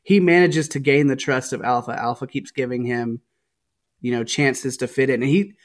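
A man co-hosting a casual podcast, chatting in a relaxed way, recounting scenes at length and laughing often. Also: mid-range voice, moderate pace. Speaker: podcast co-host. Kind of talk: casual podcast discussion of a TV show.

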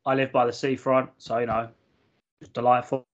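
A man co-hosting a podcast, telling a story in casual, animated chat and swearing freely. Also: medium pitch, normal speed. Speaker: podcast host. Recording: muffled lo-fi podcast audio.

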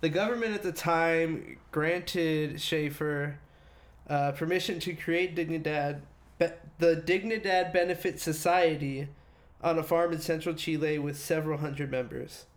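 A man's voice: fairly high pitch, fairly even intonation, a little slow. A man co-hosting a casual podcast, reading from notes and breaking into profane jokes and laughter. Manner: reads notes aloud, breaks off into profane joking asides; laughs often mid-sentence. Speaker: podcast co-host reading the story.

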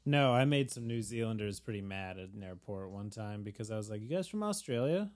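A man co-hosting a casual chat while watching a movie, relaxed and teasing. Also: fairly low pitch, fairly quick.

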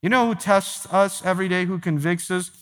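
Pastor guy preaching, high bright voice, repeats stuff for emphasis, big church echo. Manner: emphatic, repeats phrases and slows down for key points. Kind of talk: sermon. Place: large church sanctuary. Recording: long hall reverb.

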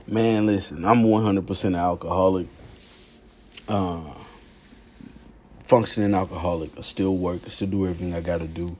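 A man hosting a podcast, talking in a candid, profane, confessional monologue that swings from low murmurs to heated outbursts. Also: fairly even intonation, normal speed, pauses often. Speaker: podcast host.

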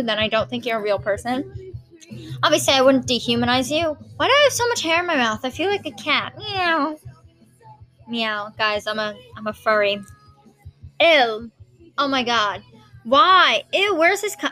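A young woman with a high, light voice rambles through her own solo podcast, hopping from one thought to the next and swearing without a second thought. Faint music plays quietly in the background. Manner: rambling, scattered, jumps between topics, swears casually. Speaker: podcast host. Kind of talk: casual solo podcast chat. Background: faint music playing.

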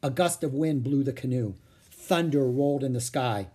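A man reading a children's chapter book aloud as a storyteller, with expressive, animated delivery. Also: mid-range voice, moderate pace, breathy edge.

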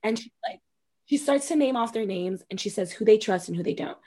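A woman's voice: mid-range voice, expressive, a little fast, dark tone. A woman co-hosting a casual podcast, animatedly recapping a reality show, acting out quotes and swearing freely. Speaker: podcast co-host.

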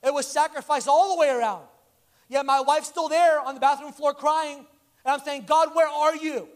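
Very high-voiced male preacher. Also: moderate pace. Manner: animated, acts out dialogue in stories. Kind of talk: conversational sermon with storytelling.

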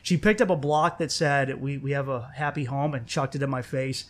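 A young man in casual chat, telling a story with lots of swearing and lively acted-out quotes. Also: mid-range voice, moderate pace. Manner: profane, animated, acts out quoted voices.

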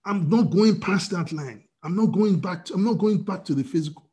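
A man's voice: sits high, lively intonation, a little fast, warm tone. A man preaching a sermon as pastor, asking the congregation rhetorical questions.

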